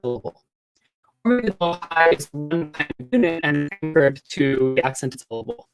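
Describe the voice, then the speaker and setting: A man giving an academic talk on linguistics, measured and thoughtful, with frequent pauses and fillers. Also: on the high side, over music. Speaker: linguistics lecturer.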